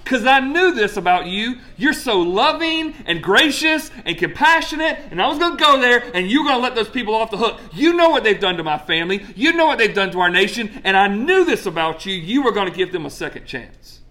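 Man voicing a resentful prophet, high-pitched, loud, indignant, complaining. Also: sing-song, brisk, few pauses, heavily acted. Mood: bitter, indignant.

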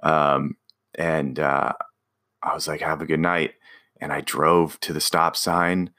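A man's voice: rumbling low, bright, forceful tone. A man casually telling a personal story about a driving job, rambling with restarts and fillers.

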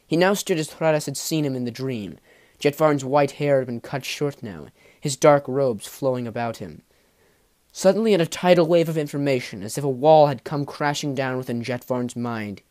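A man's voice: medium pitch, a little mellow. A man narrating a fantasy novel as an audiobook, with a dramatic reading.

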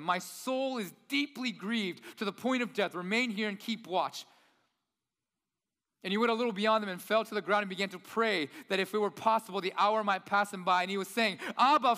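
A man's voice: high voice, bright, forceful tone. A man preaching a sermon in a church hall, talking in an enthusiastic, nerdy, conversational way. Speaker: pastor.

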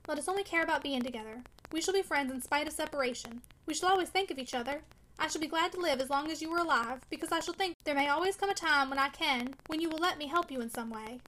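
A man's voice: very high voice, quick pace, bright, forceful tone, a little hiss or hum, poor audio. A woman voicing a brooding, sensitive young man who argues vehemently in a storybook reading. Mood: pleading. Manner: vehement, pleading.

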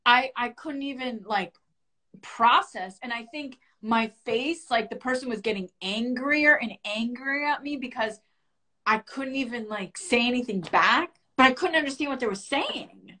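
A woman earnestly and reflectively telling a personal story as a guest in a conversation. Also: pushed and bright. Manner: earnest and reflective, rising high and fast when reliving panic.

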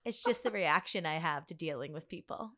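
A woman chatting casually, blunt and teasing, tossing out quick jokes. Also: sits low, animated, a bit bright. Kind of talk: casual chat.

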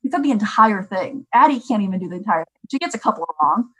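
A young woman talking casually as a parent, chatty and animated with many fillers. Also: mid-range voice, fast talker, slightly rough, rough recording. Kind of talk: casual chat.

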